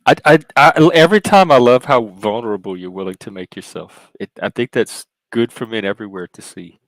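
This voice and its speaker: A man's voice: mid-range voice, a little fast, no room sound. A man hosting a casual panel chat, curious and supportive, thinking aloud as he talks. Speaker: host. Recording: dry, slightly dull mic sound.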